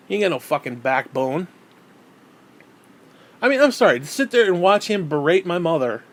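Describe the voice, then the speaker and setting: A man with a slightly higher-than-usual voice vents in a hostile, profanity-laden rant. He talks straight to the camera with raw, unpolished anger. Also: lively intonation, a little fast. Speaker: vlogger. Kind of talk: angry personal rant.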